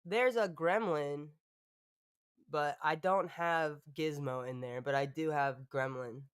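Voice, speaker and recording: Woman streamer just rambling and cussing, laughs a lot, smooth lowish voice, dry sound. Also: slow, dry recording. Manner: rambling and profane, laughs often. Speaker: live-stream host. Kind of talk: casual live-stream chat.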